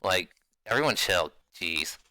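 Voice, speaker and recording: A man's voice: sits low, lively intonation, a little slow, bright, forceful tone, no room sound, heavily acted. A man voicing a dismissive woman passerby who thinks the monster attack is a hoax. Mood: exasperated. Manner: exasperated, eye-rolling.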